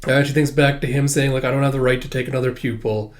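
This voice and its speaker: A man casually recapping a comic chapter, reading the characters' lines aloud with sudden jumps in pitch and loudness, laughing now and then. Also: steady tone, quick pace. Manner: casual and chatty, many fillers. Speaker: manga reader and commentator.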